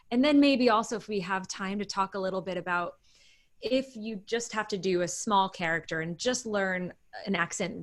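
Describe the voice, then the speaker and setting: A woman's voice: medium pitch, fairly bright tone. A woman interviews a guest. She is an audiobook narrator and asks her questions with curiosity, encouraging the guest to go on. The voice comes over a video call from her home.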